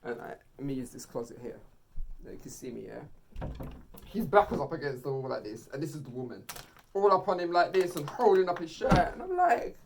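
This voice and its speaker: A lively storyteller speaking British Jamaican patois, recorded for a storytime vlog. The delivery is animated: quoted lines are acted out with outbursts of laughter. The voice sits at a middle pitch. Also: noisy background. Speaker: vlogger.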